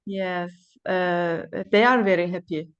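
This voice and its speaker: Older woman, from Turkey, native Turkish, student, hesitant simple answers, slow, muffled lo-fi call. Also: on the low side, steady tone, clear, resonant tone. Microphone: video call.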